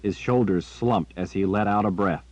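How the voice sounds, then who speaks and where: Low-voiced male audiobook narrator. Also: moderate pace. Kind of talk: scripted narration. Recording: dry, dull lo-fi.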